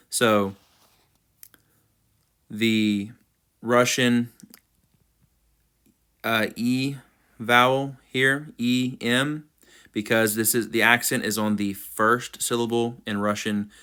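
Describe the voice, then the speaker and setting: A man's voice: lowish voice, steady tone, takes it slowly, long pauses, pushed and bright, smooth. A man teaching choir diction, patiently sounding out words syllable by syllable. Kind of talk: instructional diction walkthrough.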